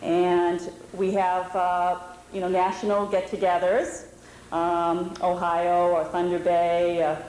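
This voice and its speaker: A woman's voice: on the low side, little pitch movement, slow, darkish tone. A woman in her forties from New England, giving an informal, explanatory talk to a meeting audience. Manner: explanatory, conversational, with fillers. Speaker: presenter at a historical society meeting. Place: indoor lodge meeting hall. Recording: roomy hall recording with faint background noise.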